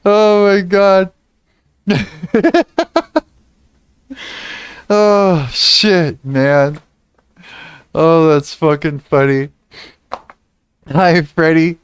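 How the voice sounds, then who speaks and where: A man's voice: fairly high pitch, drawn-out words, pauses often, clean tone, no echo. A young man hosting a casual livestream, reading chat comments aloud, laughing often and swearing freely. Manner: giggly, swears a lot, reads chat aloud. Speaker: livestream host.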